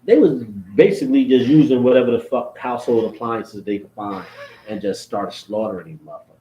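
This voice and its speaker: With a medium-pitched, brisk voice and lo-fi audio, this man delivers a casual, animated rant to his viewers. Profanity and repetition run throughout as he skips from topic to topic, all in an echoey room with faint noise behind him.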